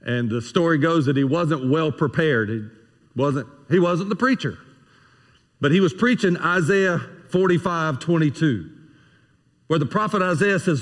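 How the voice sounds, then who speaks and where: A man's voice: animated, a little slow. Dynamic preaching man in a reverberant hall. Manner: dynamic preacher, swings between soft asides and loud high-pitched emphasis. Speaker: senior pastor. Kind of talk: sermon. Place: church sanctuary.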